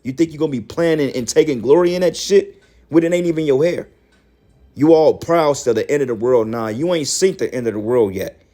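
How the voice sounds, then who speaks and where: A man's voice: fairly high pitch, a little fast. A man giving fiery, profane preaching commentary, scolding his listeners and quoting scripture. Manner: profane, scolding, rising to shouts. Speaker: online street preacher.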